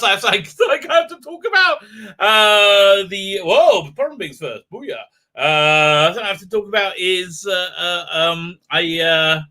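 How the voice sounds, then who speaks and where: On a livestream he hosts, a middle-aged man rambles through a comic monologue, giggling often and using lots of fillers. His voice is high, pushed, and bright.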